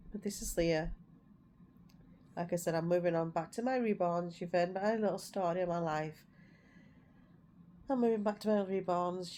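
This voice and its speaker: A middle-aged woman talks in a loose, rambling vlog chat and circles back over her points. Her voice is mellow and warm, and she sits at an average pitch. A faint hiss of noise runs under the recording. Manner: rambling, repeats herself, chatty. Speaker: vlogger. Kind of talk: casual chat to camera.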